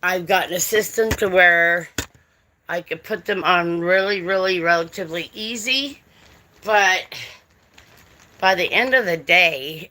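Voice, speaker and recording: Slow, bright-voiced woman chatting live. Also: lowish voice, a little hiss or hum. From United States. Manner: chatty, drawling, talks to chat readers by name. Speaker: livestream host. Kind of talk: casual livestream chat with viewers.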